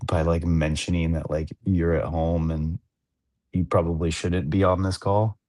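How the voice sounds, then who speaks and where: A man's voice: sits low, flat delivery, unhurried, a little mellow, no room sound, clean studio sound. A man co-hosting a podcast, chatting casually and rambling with many fillers and restarts. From Southern California. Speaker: podcast co-host. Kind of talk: casual chat.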